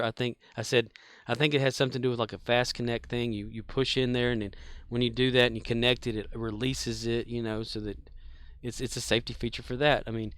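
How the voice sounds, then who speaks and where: A man's voice: medium pitch, fairly bright tone, dry recording. A man streaming a game, telling a long casual story in a rambling way with many fillers and chuckles. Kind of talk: casual storytelling while gaming.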